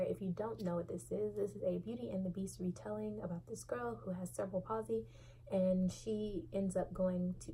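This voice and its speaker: Chatty woman with a low, mellow voice. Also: a little hiss or hum, low-quality recording. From Southern United States. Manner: chatty, candid, expressive. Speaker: book vlogger. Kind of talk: casual book review chat.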